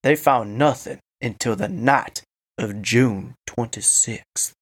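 A man on a casual podcast, telling a story with crude jokes and reading passages aloud slowly. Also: mid-range voice.

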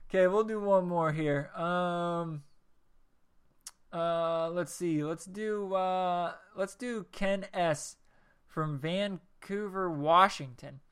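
A man's voice: sits high, slow pace, a bit bright, clear, resonant tone. A man hosting a casual solo podcast, reading text aloud in a rambling, jokey way and tripping over words. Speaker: podcast host.

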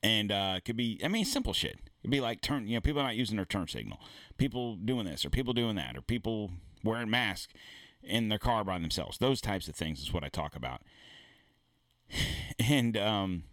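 Speaking at normal speed with big pitch swings, a man with a fairly low, slightly bright voice rants on his own podcast. The casual monologue is rambling, blunt, profane, and full of false starts, recorded with no room sound.

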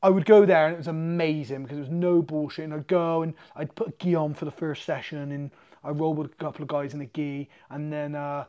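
A man from the UK, a guest telling animated, swear-filled stories in a casual chat. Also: a little high, fast talker, lo-fi sound. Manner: animated, swearing, acts out quotes. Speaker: podcast guest, MMA fighter.

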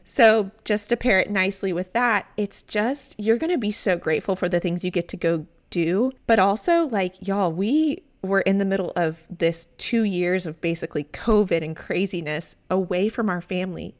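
A Southern American woman in her thirties hosts a solo podcast. She tells stories in a chatty, candid way, and her voice sits at an ordinary middle pitch for a woman. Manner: chatty, candid, animated storytelling. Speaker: podcast host. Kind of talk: casual solo podcast talk.

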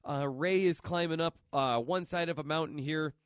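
A man's voice: fairly high pitch, normal speed, clean tone, no room sound, studio quality. A man hosting a podcast, casually recapping a comic story, rambling with lots of fillers and swearing. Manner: rambling, profane, filler-heavy. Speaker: podcast host.

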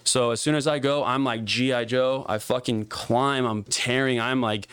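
A young man telling a story in casual podcast talk, animated and profane, with lots of "like" fillers. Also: medium pitch, moderate pace, few pauses, clear, resonant tone, no room sound.

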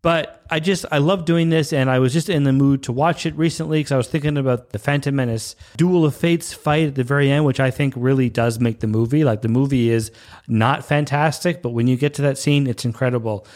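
A man in his thirties from Canada hosting a podcast, ranting in a rambling, self-interrupting way and jumping up in pitch when he gets irritated. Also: steady tone, a little fast, darkish tone. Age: 30s. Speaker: podcast host. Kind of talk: casual monologue rant.

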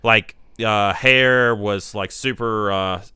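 A man's voice: fairly low pitch, slow pace, sharp tone, clean tone, dry recording, clean studio sound. A man co-hosting a podcast, telling a rambling story in casual chat with lots of fillers. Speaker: podcast co-host.

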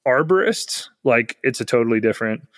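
A man's voice: medium pitch, animated, a little fast, a bit bright, no echo. Man, podcast host, casual, filler-heavy, dry close sound. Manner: rambling, filler-heavy interviewing.

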